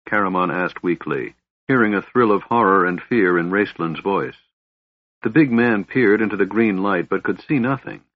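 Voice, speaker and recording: A man narrating a fantasy novel in a measured, even storytelling voice. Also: deep voice, no room sound. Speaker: audiobook narrator. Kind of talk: scripted narration. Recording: slightly dull, dry recording.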